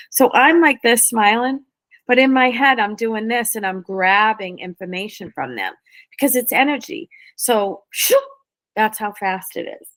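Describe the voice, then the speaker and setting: Fast-talking woman in a dry room. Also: on the high side, no room sound. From New England. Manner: lively, fast-flowing explanations. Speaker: spirit medium guest. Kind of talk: casual interview talk.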